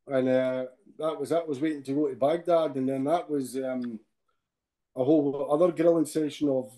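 A Scottish podcast guest with a medium-pitched, dark voice and fairly even intonation recounts his ordeal in an interview. He tells it emotionally, restarting haltingly and often tagging sentences with "eh?".

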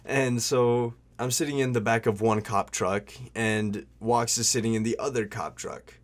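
A man's voice: medium pitch, fairly even intonation, measured pace. Slangy laid-back young man telling a story. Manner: laid-back slangy rambling, heavy with "like" and "bro", swears freely. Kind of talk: casual storytime vlog.

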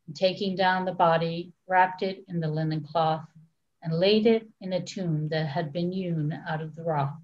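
Low-voiced woman reading scripture solemnly. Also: darkish tone. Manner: measured, deliberate reading. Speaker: church leader reading scripture. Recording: dull lo-fi recording.

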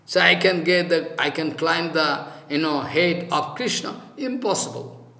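A man's voice: a little high, steady tone, a little slow, pushed and bright, reverberant. A man giving a devotional lecture in English, emphatic and repetitive, sometimes mocking others in put-on voices. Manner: emphatic, mocking impressions of others, repeats phrases. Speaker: spiritual teacher.

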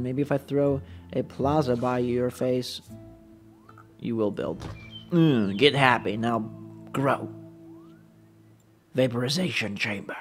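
Unsure of himself, a man commenting on a city-building game rambles and thinks out loud, speaking directly to his viewers in a casual way. He talks a little slowly at a medium pitch, in a steady tone, with many pauses and soft background music.

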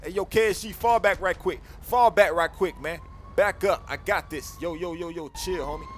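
Give me a high-voiced, hyped man leading a game roleplay. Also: huge pitch swings, moderate pace. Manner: hyped, trash-talking, slangy. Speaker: gang leader in game roleplay. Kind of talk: gaming roleplay banter. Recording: loud music behind voice. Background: loud music.

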